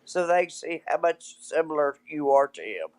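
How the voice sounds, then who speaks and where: A woman's voice: sits low, big pitch swings, normal speed, darkish tone, slight background noise. An older woman, the host's mother, chatting on a live stream in a teasing, folksy, rambling way. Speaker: guest, mother of the host. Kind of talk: casual live-stream chat.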